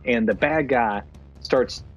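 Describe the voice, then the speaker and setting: A man co-hosting a casual podcast chat about a film over beer, retelling scenes in a profane, animated way. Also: medium pitch, takes it slowly, lo-fi sound, soft background music. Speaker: podcast co-host.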